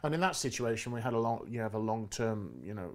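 A man's voice: on the low side, expressive, quick pace. Man telling workplace stories with acted quotes. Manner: acts out quoted lines with inflection. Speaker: guest speaker on negotiation. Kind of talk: casual conversational storytelling.

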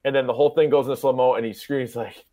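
A young man, a podcast host, chatting casually and excitedly retelling comedy movie scenes, acting out lines and laughing often. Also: medium pitch, fast talker. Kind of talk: casual chat.

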